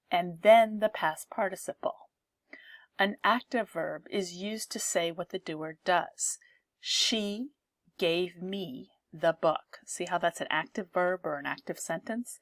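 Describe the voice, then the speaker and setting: Slow, careful woman teaching grammar. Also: fairly low pitch, no room sound, clean studio sound. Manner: slow, careful explaining, reading example sentences aloud. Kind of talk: grammar lesson.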